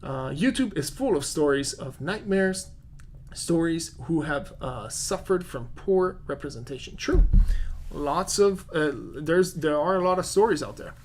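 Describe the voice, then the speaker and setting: A man's voice: a little high, expressive, unhurried, slight background noise. A man with a non-native English accent, a real estate agent hosting a casual live-stream Q&A, chatty and full of fillers as he answers viewer comments.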